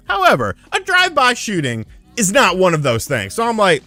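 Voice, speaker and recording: Animated, swearing male streamer. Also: fairly high pitch, fast, hardly any pauses, dry recording, soft background music. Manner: profane, animated, acts out dialogue. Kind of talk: casual storytelling on a stream.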